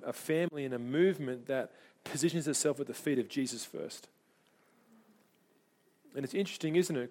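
A man's voice: mid-range voice, darkish tone. A man preaching a sermon to his congregation, earnest and conversational, often repeating words as he restarts. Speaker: pastor.

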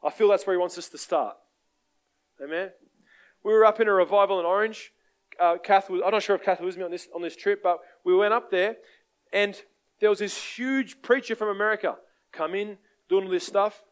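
An Australian preacher man with a fairly high-pitched voice. He tells stories in a loose, conversational way and keeps checking in with the congregation. He sounds lively and animated throughout. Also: brisk, clear, resonant tone. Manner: animated, conversational, asks the crowd for amens. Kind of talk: sermon with storytelling.

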